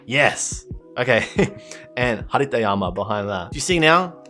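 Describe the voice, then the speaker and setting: A man giving pack-opening commentary, gushing and excitable, repeating his catchphrases. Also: medium pitch, measured pace, soft background music. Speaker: card collector opening packs.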